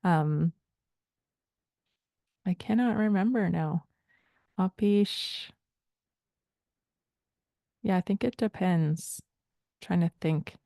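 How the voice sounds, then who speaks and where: A woman from Rama First Nation in Canada explaining language points in a thoughtful, hesitant way, often pausing to search for words. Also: fairly low pitch, vocal fry, dark tone, no room sound. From Rama First Nation, Ontario, Canada. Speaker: language teacher.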